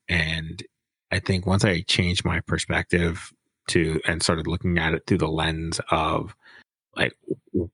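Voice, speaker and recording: A man's voice: deep voice, level tone, fairly bright tone, husky, dry recording. A man co-hosting a book podcast, chatting casually over a remote call mic, rambling and joking with many restarts. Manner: rambling, halting, joking storytelling. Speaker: podcast co-host, book reviewer. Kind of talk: casual chat.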